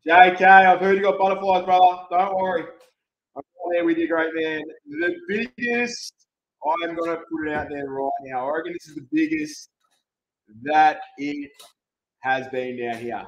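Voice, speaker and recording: A man's voice: a little high, expressive, unhurried, lo-fi sound. A young man hosting a livestream card break, boisterous and swearing, with announcer-style hype. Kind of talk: hyped livestream commentary.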